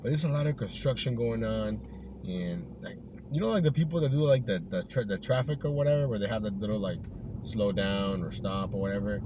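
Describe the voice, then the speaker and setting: A man's voice: fairly low pitch, fairly quick. A man talking casually to his viewers from a car while driving for deliveries, upbeat and rambling, with lots of fillers. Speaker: delivery driver vlogger. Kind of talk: casual vlog narration. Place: inside a car. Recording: clear car and road noise behind. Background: car and road noise.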